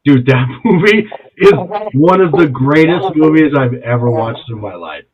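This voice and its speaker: A young man in casual podcast chat, excitable and profane, retelling movie scenes with quoted voices. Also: mid-range voice, moderate pace, crowd noise. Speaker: podcast co-host. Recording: dull lo-fi sound with faint noise.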